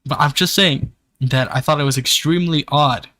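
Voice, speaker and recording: A man's voice: on the high side, normal speed, bright, forceful tone, no echo. A young man streaming live, ranting casually to his chat with frequent swearing. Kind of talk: casual livestream rant.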